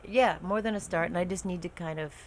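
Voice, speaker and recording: A woman talking as a podcast guest, hesitant and soft-spoken, sharing personal struggles. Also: lowish voice, fast, a little hiss or hum. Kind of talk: casual conversation.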